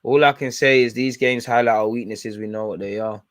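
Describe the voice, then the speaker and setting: A man's voice: mid-range voice, fairly even intonation, fairly quick, a bit bright, no echo. Blunt, slangy young man. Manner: frustrated, blunt, slangy running commentary. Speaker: football fan channel host. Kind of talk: live match watchalong commentary.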